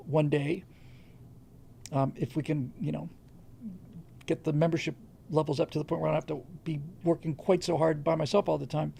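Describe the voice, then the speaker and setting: Gravelly guy w a mellow darker tone, chatting loosely on his stream, lots of restarts. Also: on the high side, slight background noise. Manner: rambling, with frequent restarts and hesitations. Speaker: livestream host answering viewer questions. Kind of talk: casual unscripted commentary.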